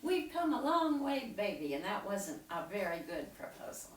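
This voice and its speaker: A woman storyteller telling a story to children in an animated way and leading them in sound effects, recorded from a distance in a roomy space. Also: medium pitch, normal speed. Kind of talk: live storytelling with audience participation.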